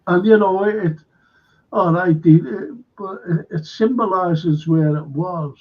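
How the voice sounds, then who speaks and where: Over lo-fi live-stream audio, a male local historian chats casually and brings his anecdotes to life by performing the quoted voices. He has a high voice and a measured pace.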